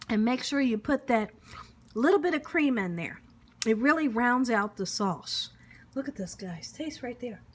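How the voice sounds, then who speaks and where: A woman's voice: a little high, slight background noise. Woman cooking host humming over her food. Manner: lots of savoring hums and exclamations; talks straight to viewers. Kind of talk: casual cooking vlog, tasting on camera.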